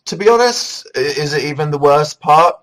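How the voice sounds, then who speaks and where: A man's voice: fairly high pitch, animated, normal speed, fairly bright tone, poor audio. A man hosting a casual livestream, chatting and reading out viewer comments in a rambling, self-deprecating, jokey way. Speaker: livestream host.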